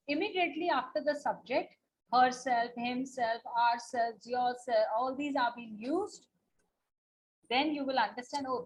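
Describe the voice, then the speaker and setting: Here a fairly high-pitched woman with an Indian English accent runs an online lesson over a low-quality recording with slight background noise. Patient and repetitive, she keeps asking "na?" and "okay?" to make sure everyone follows.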